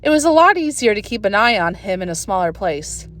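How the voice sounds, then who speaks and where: A woman's voice: mid-range voice, a little fast. A woman reading a children's book aloud expressively, recorded on a phone. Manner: expressive storytelling. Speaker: reader.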